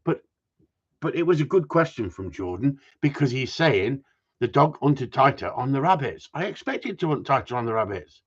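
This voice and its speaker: Husky blunt gundog trainer. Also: male voice, medium pitch, sing-song, normal speed, dull audio. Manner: blunt, rambling, swears casually. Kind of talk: live stream Q&A chat.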